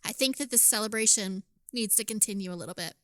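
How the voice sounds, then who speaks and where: Bright-voiced chatty woman co-host. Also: mid-range voice, fast, no room sound, studio quality. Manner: chatty, animated storytelling with frequent swearing. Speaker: podcast co-host. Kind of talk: casual chat.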